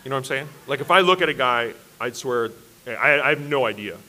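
Bright-voiced joking male preacher. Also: medium pitch, lively intonation, brisk. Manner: self-deprecating, joking storyteller. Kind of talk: sermon with humorous personal stories. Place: church worship service.

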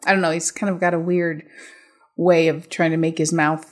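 A woman's voice: deep voice, level tone, normal speed. A woman with a Mancunian accent chatting casually about a film, wry and teasing. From Manchester area, England. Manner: wry, teasing, laughs often. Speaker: co-host discussing a film. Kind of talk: casual chat.

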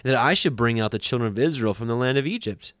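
A man's voice: medium pitch, expressive, fast, a bit bright, dry recording, natural voice. A man voicing a humble, hesitant shepherd-prophet in a plain, questioning way.

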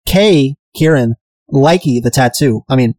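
A man's voice: medium pitch, unhurried, a little mellow, no room sound. Irreverent man recapping a TV show. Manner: irreverent, profane, mimics characters. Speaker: podcast host. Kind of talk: casual episode recap chat.

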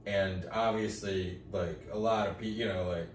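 A man's voice: deep voice, steady tone, normal speed. A man co-hosting a casual podcast, rambling, restarting often, and swearing casually. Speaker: podcast co-host. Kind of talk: casual chat. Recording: roomy, distant mic with faint noise.

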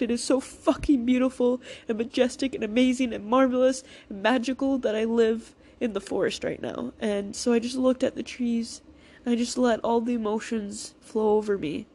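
A woman's voice: medium pitch, a little mellow. A woman in a raw, emotional personal vlog, talking through tears, reassuring herself and swearing freely. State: crying, emotional. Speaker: vlogger.

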